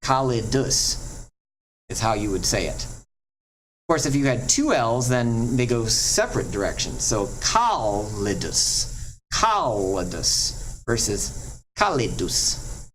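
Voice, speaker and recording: A man teaching a Latin pronunciation lesson at a board, chatty and encouraging, drawing out example words slowly. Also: mid-range voice, expressive, slight background noise, poor audio.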